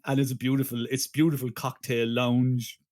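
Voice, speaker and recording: A man co-hosting a podcast, excitable and exclamatory, laughing easily as he recounts scenes. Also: medium pitch, normal speed. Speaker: podcast co-host. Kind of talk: casual chat.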